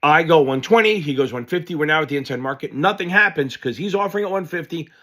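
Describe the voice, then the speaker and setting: A man's voice: on the high side, quick pace. Casual, profane male finance tutor. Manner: animated storyteller, loose and profane. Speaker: exam prep tutor. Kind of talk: casual lesson told through a personal anecdote.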